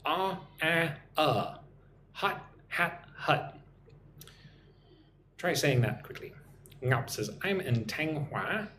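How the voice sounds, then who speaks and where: An American man teaches English live from home, repeating phrases slowly and clearly so learners can follow. His pitch moves a lot and his voice rings in a roomy space. A faint ambient hum sits behind him. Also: animated, fairly bright tone. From United States. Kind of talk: live-streamed English lesson.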